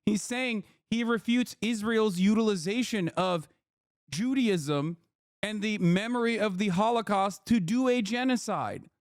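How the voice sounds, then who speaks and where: A man streaming live, reacting with loud, mocking, animated rants. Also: sits high, unhurried, dry recording, clean studio sound.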